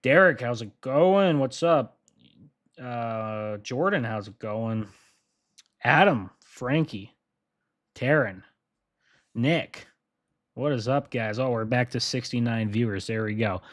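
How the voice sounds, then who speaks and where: A young man hosting a live weather briefing, chatty and excitable, often laughing as he talks through forecast models. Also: mid-range voice, takes it slowly, long pauses, no echo, studio quality. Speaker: weather livestream host.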